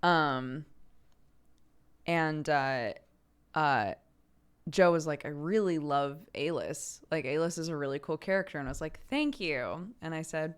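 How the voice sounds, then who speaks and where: A man's voice: on the high side, lively intonation, unhurried, a bit bright, clear, resonant tone. A young man streaming, chatting casually with viewers, reading out their messages and laughing often.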